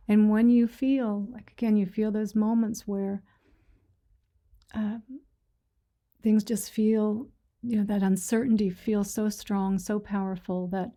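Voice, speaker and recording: Woman meditation teacher, dark tone, even delivery, soft and reassuring, slips into whispers. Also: mid-range voice. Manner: gentle, reassuring, soft-spoken; retells stories with quoted voices. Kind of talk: dharma talk to a sangha.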